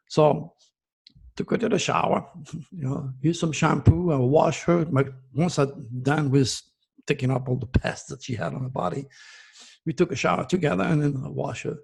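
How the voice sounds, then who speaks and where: A middle-aged man from France talks casually to his viewers as an astrologer host, doubling his words as he tells a story. His voice is gravelly and husky, set a bit high. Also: moderate pace. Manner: chatty, storytelling, repeats words; coos softly to his dog.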